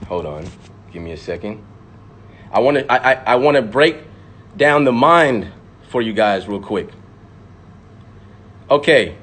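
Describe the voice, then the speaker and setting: A man's voice: medium pitch, lively intonation, a little slow, long pauses, a bit bright. A man, a rapper, delivering an impassioned, profane monologue to camera and repeating words for emphasis.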